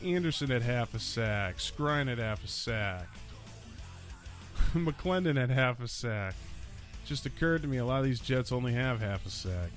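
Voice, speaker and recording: A man hosting a casual solo sports podcast, talking in an animated, rambling way and repeating lines for emphasis. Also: medium pitch, measured pace, faint music behind. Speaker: podcast host. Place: lives in Orlando.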